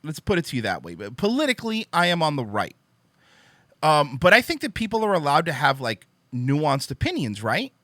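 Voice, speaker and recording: A young man rants on his podcast in a high, lively voice that swoops up and down as he presses his points. His tone is bright and forceful, heavy with profanity, and the sound is close and dry with no room around it. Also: a little fast, no room sound. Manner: profane, emphatic ranting. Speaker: podcast host. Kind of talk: casual opinion monologue.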